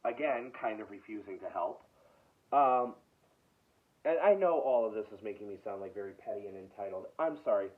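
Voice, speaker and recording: A man's voice: fairly low pitch, animated, normal speed. Guy ranting about his day, fed up, keeps restarting sentences, thin phone-ish audio. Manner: exasperated, repeats himself. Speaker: video host. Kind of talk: casual ranting story. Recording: tinny phone-like sound.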